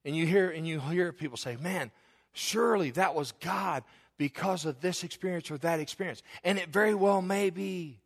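A man's voice: high voice, normal speed. A middle-aged male pastor, preaching a sermon with stories that build to an emphatic, rising delivery.

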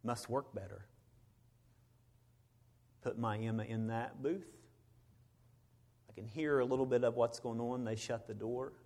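A middle-aged man, a preacher, telling a personal story in a sermon, swinging between loud bursts and hushed moments. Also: medium pitch, steady tone, measured pace, pauses often.

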